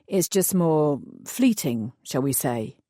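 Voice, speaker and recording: A woman voicing a kind, protective male fairy who speaks quietly and earnestly in an audiobook. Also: sits low, animated, slow pace, dry recording, studio quality, pitched below the performer's own voice, full character voice. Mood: calm.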